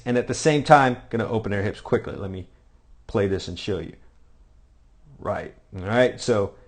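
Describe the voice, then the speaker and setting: A man's voice: lowish voice, darkish tone. A man coaching defensive backs, talking over video of a drill and repeating short cues with frequent "all right?" checks. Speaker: football coach.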